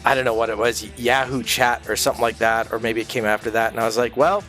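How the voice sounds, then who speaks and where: A man's voice: medium pitch, fairly even intonation, fast talker, a bit bright, soft background music. A man hosting a stream, chatting casually in a rambling, sweary way and laughing often. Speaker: streamer host. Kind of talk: casual chat.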